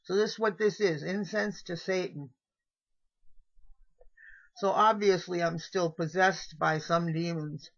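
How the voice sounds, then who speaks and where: A woman's voice: lowish voice, steady tone, unhurried, pauses often. Rambling middle-aged woman, dull lo-fi audio. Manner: rambling, meandering, with trailing restarts. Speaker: vlogger. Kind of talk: confessional monologue to camera. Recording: dull lo-fi home video audio.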